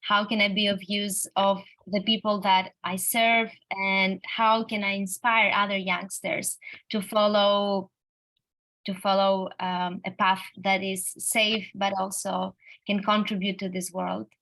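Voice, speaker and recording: Flat-voiced young woman, thoughtful. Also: mid-range voice, rough recording. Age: young adult. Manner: thoughtful, deliberate. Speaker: award recipient. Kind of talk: reflective speech.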